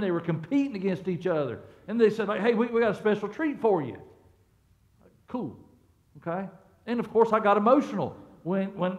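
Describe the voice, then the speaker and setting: A middle-aged man, preaching as a pastor in a church. He speaks conversationally, restarts and repeats words, and asks the congregation questions. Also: sits high. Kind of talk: sermon. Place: church sanctuary.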